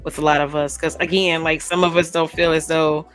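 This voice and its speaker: A woman's voice: low-pitched, level tone, brisk. Giggly, encouraging woman host, casual podcast chat, faint music behind. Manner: giggly, encouraging, frequent agreeing.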